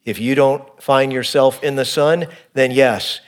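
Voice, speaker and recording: A middle-aged man preaching an expository sermon, earnest and shifting between emphatic and hushed delivery. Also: medium pitch, a little slow. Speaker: pastor.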